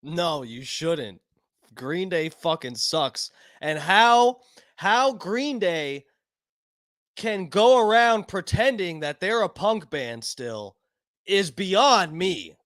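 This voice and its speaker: A man's voice: high voice, expressive, slow, fairly bright tone, no room sound. A man hosting a stream in casual, profane chat, reacting with laughter. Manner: laid-back, swears a lot, laughs along. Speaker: stream host.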